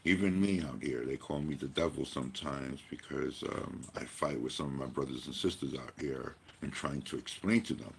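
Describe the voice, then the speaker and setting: Gravelly, very deep-voiced man ranting. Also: normal speed, hardly any pauses, slight background noise. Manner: emphatic, profane, rhetorical questions. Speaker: vlogger. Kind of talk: rambling personal monologue.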